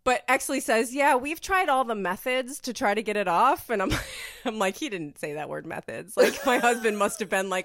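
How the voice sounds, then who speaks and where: A woman's voice: fairly high pitch, expressive, normal speed, a bit bright, dry recording. A woman hosting a podcast from home, chatting casually and rambling through a story with lots of fillers. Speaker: podcast host. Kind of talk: casual chat.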